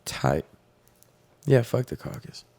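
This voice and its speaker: A man's voice: slow pace, warm tone. A man co-hosting a casual podcast, answering bluntly with short profane quips. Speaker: podcast co-host. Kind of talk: casual banter.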